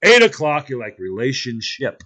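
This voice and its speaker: A man telling funny stories in casual chat, animated and laughing, acting out what people said. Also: on the high side, normal speed. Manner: animated, laughing, acts out quotes in funny voices. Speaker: podcast host.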